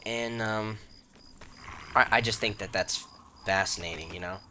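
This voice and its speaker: A young man talks his way through a game session in a bright, forward voice that sits a little low, and he rambles and doubles back mid-sentence. Faint crickets and clicks run behind him. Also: measured pace, slight background noise. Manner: rambling, chatty, self-interrupting; breaks into squeaky high mock voices. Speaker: let's play host. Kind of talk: casual gameplay commentary.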